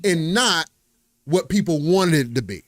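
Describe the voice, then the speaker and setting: A laid-back man co-hosts a gaming podcast, joking around and reading chat messages aloud. His pitch sits a bit high and swings lively up and down. The recording is dry and close. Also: unhurried, dry recording. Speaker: podcast co-host. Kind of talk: casual chat.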